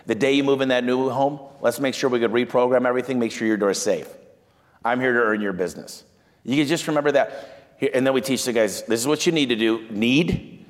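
Male business owner, energetic storyteller, medium pitch, reverberant room. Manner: energetic storyteller, acts out quoted clients in a higher voice. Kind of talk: animated business talk.

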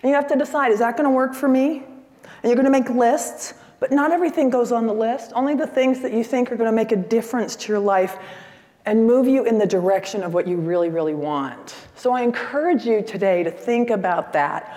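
A woman in her sixties giving a lively, chatty seminar talk and questioning the audience from the stage. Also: a little high, brisk. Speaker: seminar speaker. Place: conference hall stage. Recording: echoey hall.

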